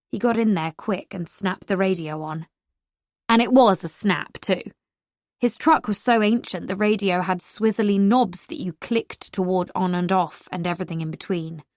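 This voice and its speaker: A woman's voice: medium pitch, no echo, clean studio sound. Woman narrating a romance audiobook.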